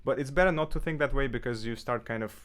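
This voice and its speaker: Speaking fast at a medium pitch, this man gives a laid-back clarinet lesson indoors at his apartment. His delivery is casual, with frequent fillers and self-corrections.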